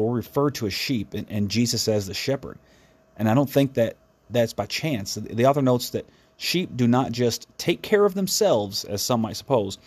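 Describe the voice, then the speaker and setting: A man's voice: mid-range voice, darkish tone, slightly rough. A man hosting a devotional podcast, speaking in an earnest, reflective way with frequent restarts. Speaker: podcast host.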